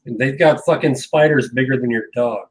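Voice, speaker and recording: A man co-hosting a casual podcast chat, cracking dry jokes and tossing in quick questions. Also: medium pitch, low-quality recording. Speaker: podcast co-host.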